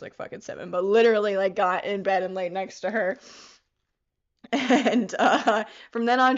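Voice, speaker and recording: With the highs cut off, this medium-pitched woman's voice belongs to a young livestream host doing a craft. She giggles frequently, curses freely and reads her viewers' comments aloud in a casual stream.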